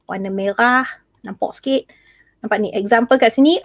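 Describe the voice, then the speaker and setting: A woman's voice: mid-range voice, animated, moderate pace, no room sound. A young Malaysian woman teaching English in a live online class, chatty and mixing in Malay, who keeps checking in with "okay?".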